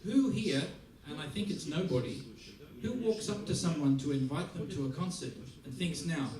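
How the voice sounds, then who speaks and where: A man teaches a music masterclass, playful and lively, acting out small scenes to make his point. His voice is picked up from a distance in a large, echoey theater hall. The audience is heard around him. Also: on the high side, moderate pace, a crowd in the background. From Australia. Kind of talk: masterclass talk. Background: audience laughter.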